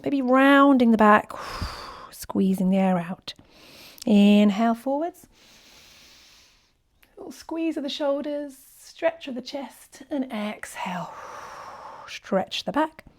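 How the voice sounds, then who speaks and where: A woman teaching a guided yoga class, gentle and encouraging, often dropping to a soft near-whisper while counting breaths. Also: fairly high pitch. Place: indoors, quiet room with birds faint outside.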